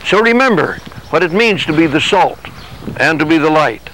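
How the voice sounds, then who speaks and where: A man's voice: a little high, very animated, normal speed, bright, forceful tone, a little hiss or hum, poor audio. A man preaching a sermon in an earnest way, acting out dialogue as he teaches. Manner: earnest, acts out dialogue with God and his body.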